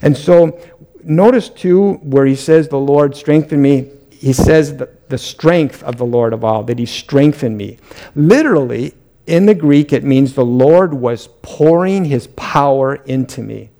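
A man's voice: mid-range voice, a little slow, dark tone. A middle-aged man, a pastor, preaching an earnest sermon, often lifting his voice on emphatic questions.

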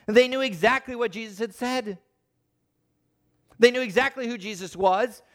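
A man preaching a sermon, animated, acting out the voices of the people he quotes. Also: very high-pitched, normal speed.

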